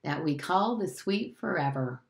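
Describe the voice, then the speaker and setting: A woman voicing a male church song leader who calls out hymn lines slowly and carefully. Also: sits low, animated, creaky, pitched below the performer's own voice, full character voice. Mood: measured. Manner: slow, careful, chanting lines. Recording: roomy echo.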